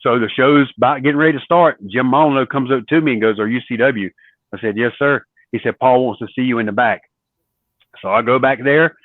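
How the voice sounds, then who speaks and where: A man spins long stories in an interview and slips into the voices of the people he quotes. His voice sits at a middle pitch. The sound is tinny and dry, like a phone line. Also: fairly quick, dry recording. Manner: animated storyteller acting out quoted dialogue. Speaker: guest, former wrestler. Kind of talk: storytelling interview.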